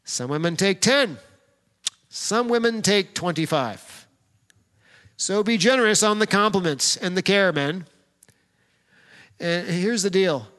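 A man's voice: sits high, lively intonation, slow pace, long pauses, a bit bright. Man preaching in a reverberant hall. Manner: direct, plain-spoken, addresses the men in the room. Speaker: pastor. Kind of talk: sermon.

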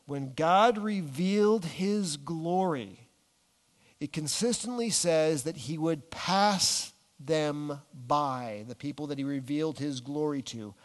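A man preaching a sermon, animated, dropping his voice low and slowing down on key words. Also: long reverb tail. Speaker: pastor.

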